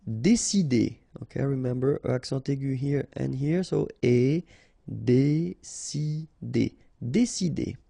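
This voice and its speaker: A man with a French accent teaching pronunciation in a slow, unhurried way, repeating and spelling out each word. His voice is dark and gravelly, with a husky edge. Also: mid-range voice, no room sound, studio quality. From France. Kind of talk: pronunciation drill.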